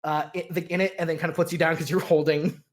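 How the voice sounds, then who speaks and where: A man's voice: fairly high pitch, flat delivery, quick pace, crowd noise. A man narrating a tabletop role-playing game as game master, hesitant and full of fillers.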